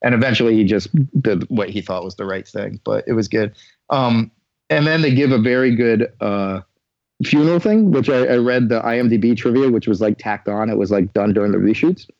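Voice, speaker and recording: A man co-hosting a casual podcast chat, recapping a movie in an animated, swearing, filler-heavy way. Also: fairly low pitch, fairly quick, gravelly, no room sound, lo-fi sound. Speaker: podcast co-host.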